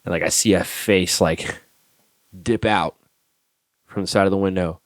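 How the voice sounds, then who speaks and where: A man, an army staff sergeant guest on a podcast, telling stories casually in a profane, animated way and acting out the dialogue. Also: sits low, measured pace, no echo, clean studio sound. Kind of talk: casual storytelling.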